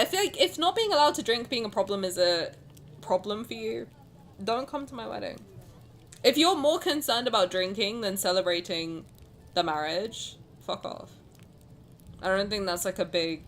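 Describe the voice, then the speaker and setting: Lively, chatty woman streamer. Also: mid-range voice. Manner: chatty, joking, reads game text aloud. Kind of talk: casual gaming commentary. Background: faint game music.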